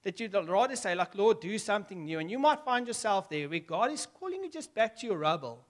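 High-voiced animated preacher. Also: male voice, a little fast, hardly any pauses. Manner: animated, acts out dialogue with God, laughs often. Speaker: pastor. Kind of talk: sermon.

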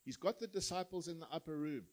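A man's voice: a little high, quick pace, darkish tone, poor audio. A man preaching a sermon, telling parables and acting out the voices of their characters. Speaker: pastor. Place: church.

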